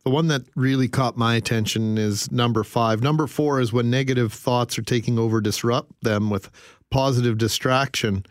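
A man's voice: mid-range voice, steady tone, normal speed, no room sound, clean studio sound. A man co-hosting a radio talk show, speaking in a thoughtful, reflective way. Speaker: radio co-host.

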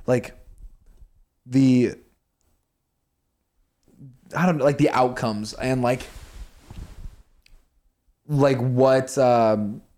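A man's voice: mid-range voice, steady tone, very slow, pauses often, dark tone. A young man co-hosting a podcast, chatting casually in a sleepy, laid-back way and rambling with many fillers. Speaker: podcast co-host. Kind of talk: casual chat.

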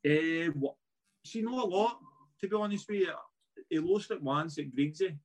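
A man's voice: fairly high pitch, normal speed. A man with a Scottish accent, a former footballer, telling stories in a casual podcast chat, swearing freely and laughing as he goes.

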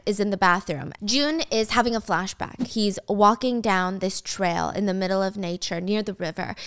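A woman's voice: mid-range voice, smooth. Chatty young woman recapping a drama. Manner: chatty, animated, with playful asides to viewers. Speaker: video host retelling a drama. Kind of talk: casual story recap.

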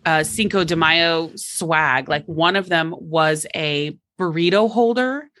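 A woman from Oklahoma, a comedian guest, chatting casually in a lively, laughing way. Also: deep voice, takes it slowly, no echo. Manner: animated, laughing storyteller. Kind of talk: casual chat.

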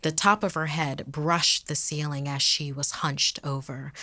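A woman host reading a ghost story aloud in a measured way, dropping to a whisper at eerie moments. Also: sits low, sharp tone, no room sound.

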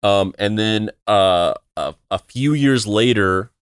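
A man's voice: fairly low pitch, slow pace, clean tone, no room sound, clean studio sound. A man hosting a podcast, telling a story in casual chat, rambling with many restarts and filler words.

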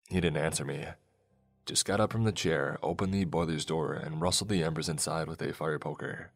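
A man narrating a first-person horror story in a measured, storytelling way. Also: rumbling low, creaky. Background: faint music.

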